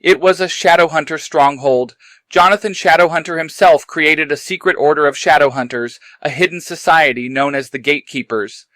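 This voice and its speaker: A man voicing an excited, nerdy young man explaining a secret in a story reading. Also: a little high, moderate pace, no room sound, close to an everyday voice. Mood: eager.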